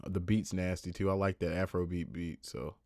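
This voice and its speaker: A man's voice: sits low, steady tone, moderate pace, a little mellow, dry recording, studio quality. A man who produces and mixes music, talking casually on a livestream tutorial in a loose, rambling way that often corrects itself. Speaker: music producer and mix engineer.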